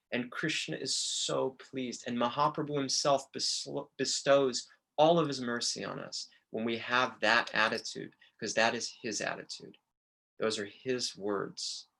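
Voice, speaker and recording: A man's voice: mid-range voice, creaky, pushed and bright. A man giving a morning scripture class at a temple, speaking earnestly and with feeling as he quotes his teachers. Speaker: temple lecturer. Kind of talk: devotional class lecture.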